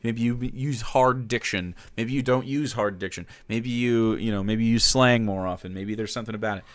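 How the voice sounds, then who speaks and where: A man's voice: lowish voice, a little fast, no room sound. A man hosting a live stream, reacting to a clip in a blunt, profane rant. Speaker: streamer host.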